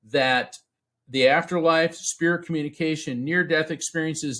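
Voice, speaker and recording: A middle-aged man from Central Florida, a podcast guest telling a personal story in an earnest, halting way, with restarts, acting out the voices he quotes. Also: medium pitch, fairly bright tone. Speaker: podcast guest, psychic medium. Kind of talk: storytelling in a casual interview.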